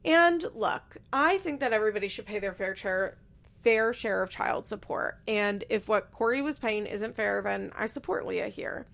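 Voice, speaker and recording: A woman's voice: medium pitch, lively intonation, moderate pace, vocal fry, a bit bright. A young woman recapping a reality show in a chatty, gossipy way with sarcastic asides. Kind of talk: casual recap commentary.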